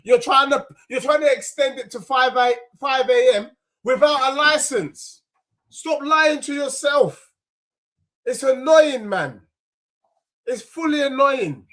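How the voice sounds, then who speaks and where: Heated young London man ranting, high-pitched. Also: fairly bright tone. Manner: heated, slangy, repetitive. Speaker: football fan channel host. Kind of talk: ranting match reaction.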